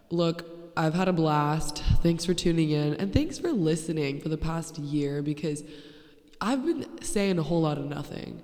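A woman's voice: low-pitched, very animated, fairly quick, vocal fry, warm tone. Blunt, sarcastic young woman podcaster, echoey. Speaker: podcast host. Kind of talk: casual storytelling monologue. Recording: echoey, poorly placed handheld mic.

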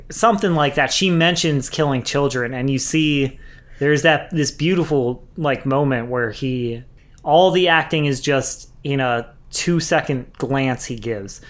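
A man co-hosting a podcast, relaxed and enthusiastic as he talks through a movie. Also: mid-range voice, unhurried. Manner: relaxed, enthusiastic, loose phrasing. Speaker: podcast co-host. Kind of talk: casual film discussion.

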